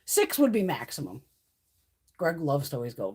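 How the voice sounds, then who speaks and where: A woman's voice: low-pitched, wildly swooping pitch, moderate pace, a little mellow, slightly rough. Lady rambling on a home livestream, cursing and laughing, voice bounces around a lot. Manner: swears freely, chatty, laughs often. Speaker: livestream host. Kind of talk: casual chat.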